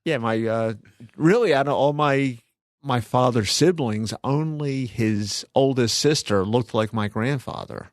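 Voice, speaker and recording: A man's voice: mid-range voice, unhurried, no room sound, clean studio sound. A man co-hosting a casual podcast, telling rambling stories with sarcastic asides. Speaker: podcast co-host.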